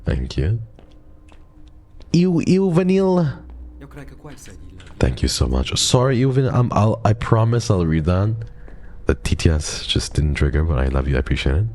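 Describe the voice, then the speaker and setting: Live-streaming a horror game, a man chats playfully and jumpily with viewers, dropping to a whisper when scared. His voice is very deep, a little mellow, animated and brisk.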